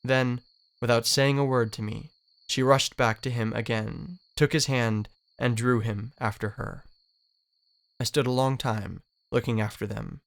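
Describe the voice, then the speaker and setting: A man's voice: mid-range voice, fairly even intonation, a little slow, vocal fry. A man reading as a lovesick, lonely young male dreamer, with an earnest, wistful literary delivery. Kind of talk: dramatic reading of a novel.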